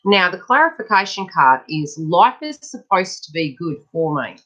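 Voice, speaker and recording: A woman's voice: fairly low pitch, big pitch swings, moderate pace, fairly bright tone, muffled recording. A woman giving a casual, chatty live tarot reading. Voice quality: chatty, breaks off to talk to people nearby. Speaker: psychic tarot reader.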